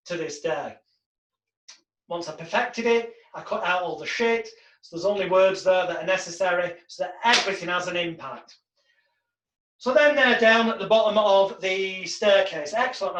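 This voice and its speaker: A man teaching a hypnotherapy course. He talks bluntly and swears, then slips into slow, soothing hypnotic patter to demonstrate. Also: sits high. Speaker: hypnosis instructor. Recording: echoey, distant, dull lo-fi sound.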